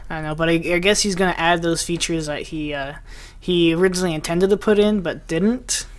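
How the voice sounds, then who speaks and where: Halting woman with a lowish voice. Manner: halting, repeats words when starting. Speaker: podcast co-host. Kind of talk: casual chat about video games.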